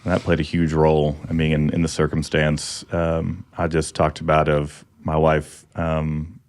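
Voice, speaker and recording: A man guest sharing a personal faith story in casual conversation, reflective and halting, with many pauses and restarts. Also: a bass voice, completely flat delivery, a little mellow, smooth. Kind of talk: personal testimony in casual chat.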